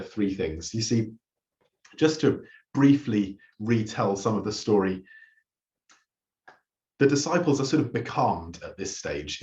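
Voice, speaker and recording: Male pastor, mid pitch, preaching in a roomy, muffled church recording; earnest storyteller. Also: darkish tone. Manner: earnest storytelling, acts out quoted lines. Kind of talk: sermon. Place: church hall.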